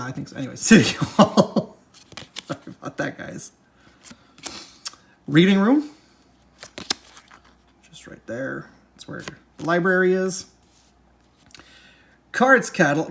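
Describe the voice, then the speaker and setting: A person casually presenting a board game unboxing, talking in a chatty, halting way that keeps correcting itself, and sounding upbeat and easily delighted. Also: medium pitch, creaky, fairly bright tone, a little hiss or hum.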